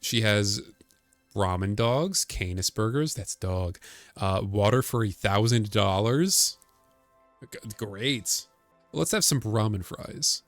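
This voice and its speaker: A man giving casual let's-play commentary, joking and rambling with a very lively, bouncing voice. He sounds close and dry on the mic, with faint music behind him. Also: on the low side, slow, no room sound.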